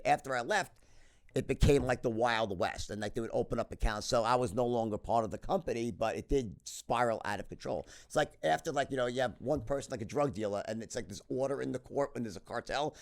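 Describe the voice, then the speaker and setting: A man's voice: mid-range voice, fast, vocal fry. A middle-aged man as a podcast guest, telling stories animatedly with lots of swearing and restarts. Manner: animated, profane, frequent restarts and "right?". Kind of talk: casual interview storytelling.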